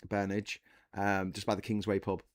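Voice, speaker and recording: A man's voice: lowish voice, normal speed. Sweary rambling man. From Liverpool, England. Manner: rambling, sweary, stammering restarts. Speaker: host. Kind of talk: casual live chat show.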